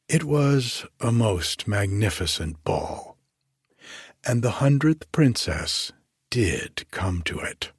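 A man narrating a fairy tale in a calm, measured storybook reading. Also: lowish voice, husky, no echo. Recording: faint music under dry voice.

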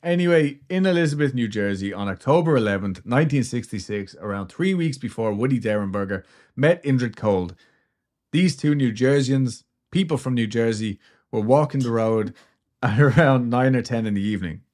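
A man's voice: mid-range voice, lively intonation, moderate pace, darkish tone. A man hosting a podcast, telling a strange story in a rambling, jokey way and swearing casually. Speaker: podcast host.

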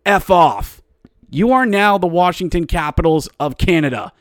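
A man hosts his own sports podcast in a sarcastic, mocking rant. His fairly high voice swings up into exasperated outbursts. The sound is dry and close, with no room around it. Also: lively intonation, moderate pace, no room sound. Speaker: podcast host. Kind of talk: sarcastic solo sports commentary.

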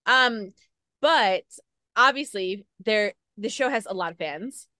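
A woman's voice: medium pitch, animated, slow pace, sharp tone, no echo, studio quality. A woman hosting a casual interview, gushing like a devoted fan as she asks her questions. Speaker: interviewer, host.

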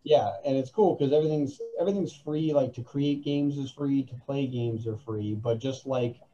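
A man's voice: mid-range voice, normal speed, muffled recording, a crowd in the background. A man co-hosting a podcast in casual chat, rambling with many fillers and restarts, his voice crackly from lack of coffee. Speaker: podcast co-host.

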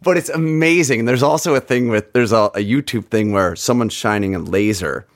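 A man, a guitarist, chatting casually on a podcast with a hoarse voice. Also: medium pitch, fairly quick. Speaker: guitarist, co-host. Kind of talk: casual chat.

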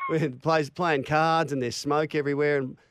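A man's voice: a little high, wildly swooping pitch, normal speed, a bit bright, no echo. A middle-aged Australian man, a sports broadcaster, bantering and telling stories with a laugh. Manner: laughing, storytelling, good-humoured. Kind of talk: casual banter.

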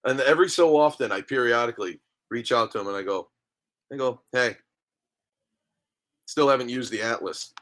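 A man in his thirties talks as a podcast guest in an average-pitched voice. He rambles through stories, acting out the dialogue as he goes. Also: moderate pace, long pauses, fairly bright tone. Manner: rambling storyteller, acts out dialogue. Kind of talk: casual interview chat.

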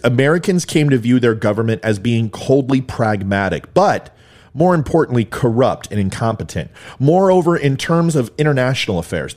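A man's voice: medium pitch, darkish tone. A middle-aged man hosting a political commentary show, ranting in a heated, sarcastic, mocking way.

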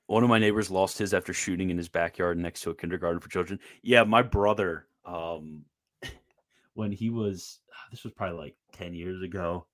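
A young man with a Maryland accent tells a story in a halting, rambling way, full of ums and restarts. His voice sits very low, and the sound is close and dry with no room in it. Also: fairly bright tone, no echo. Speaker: podcast host. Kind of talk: casual chat.

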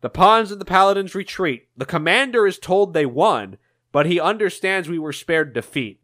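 A man's voice: sits high, normal speed. A man co-hosting a podcast, casually recapping comic book plots. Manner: narrating plot, animated. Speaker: podcast co-host.

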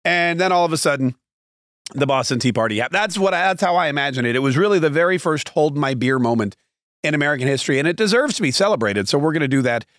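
Higher-voiced man hosting a rambling talk show. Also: expressive, quick pace, fairly bright tone, no room sound, clean studio sound. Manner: rambling, opinionated storytelling with fillers and asides. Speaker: podcast and radio host. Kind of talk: solo talk-show monologue.

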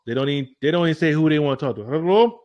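Male host, casual chat, fairly high voice, stammering restarts, dull lo-fi recording. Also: rapid-fire, a little mellow. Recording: dull lo-fi sound.

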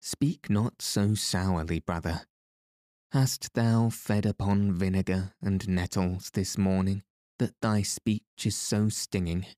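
A man's voice: deep voice, fairly even intonation, takes it slowly, a little mellow, no echo, clean studio sound. A man voicing a merry, bold male outlaw hero who speaks in playful, mock-courtly old-fashioned phrases in a storybook reading. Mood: teasing.

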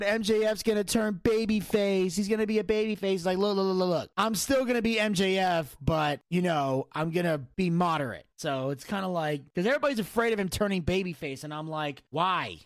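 A man's voice: high-pitched, no room sound. A man hosting a podcast, recapping wrestling in casual chat, blunt and profane. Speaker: podcast host.

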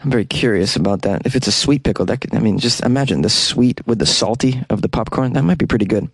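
A man's voice: mid-range voice, fast, slightly rough, no echo, studio quality. A man hosting a casual show who reads out odd news items and reacts with sarcastic jokes and casual swearing. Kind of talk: casual commentary on news stories.

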